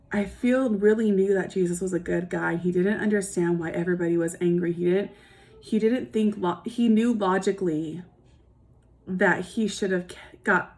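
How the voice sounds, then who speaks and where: A woman's voice: fairly low pitch, darkish tone. A woman giving an earnest devotional reflection, speaking casually with restarts and asking her listeners many searching questions.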